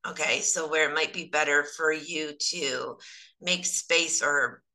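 A woman's voice: low-pitched, unhurried, pushed and bright, low-quality recording. A woman giving a casual, chatty tarot reading on a live stream, her voice strained from overuse. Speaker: tarot reader.

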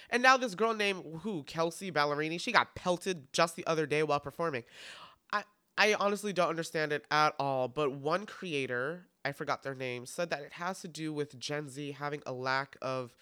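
Sassy, bright-voiced young podcast host. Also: male voice, fairly high pitch, clean tone. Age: 20s. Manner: sassy, campy, profane. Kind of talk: solo podcast monologue.

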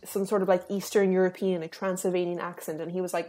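A woman's voice: lowish voice, level tone, quick pace, mellow. A woman co-hosting a podcast, chatty and rambling, swearing casually. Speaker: podcast co-host.

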